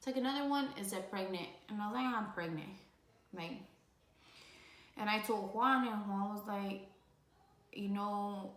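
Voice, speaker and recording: A woman's voice: medium pitch, a little slow, pauses often, fairly bright tone. Young woman telling a tearful story in an echoey room. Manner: rambling, heavy use of "like"; emotional, tearing up at times. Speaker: vlogger. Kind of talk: casual storytime vlog.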